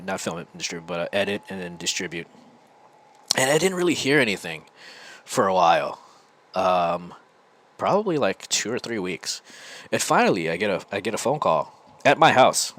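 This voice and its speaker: A man's voice: low voice, fairly bright tone. An American man hosting a podcast, telling a casual, rambling story full of restarts. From United States. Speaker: podcast host.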